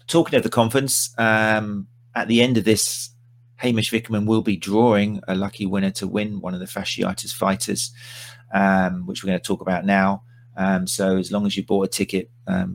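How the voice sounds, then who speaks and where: A man hosts a live stream with a low, gravelly voice. He talks casually and pokes fun at himself, with plenty of ums and asides. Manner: chatty, self-deprecating, full of ums. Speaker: host.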